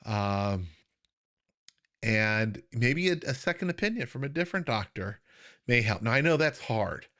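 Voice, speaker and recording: A man's voice: mid-range voice, lively intonation, a little slow, a bit bright. A middle-aged man from the United States hosts a casual live stream, speaking earnestly and plainly. He talks in a loose, everyday way, often restarting his sentences, and sounds like he is holding back emotion. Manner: earnest, conversational, with frequent fillers and restarts. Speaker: kidney health coach hosting a live Q&A.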